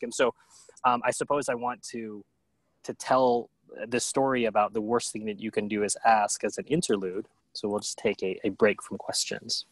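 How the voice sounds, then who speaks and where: A man's voice: mid-range voice, no echo. A man hosting a casual question session, telling a travel story in a chatty way with fillers and restarts. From United States. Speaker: host of a moving-abroad Q&A event.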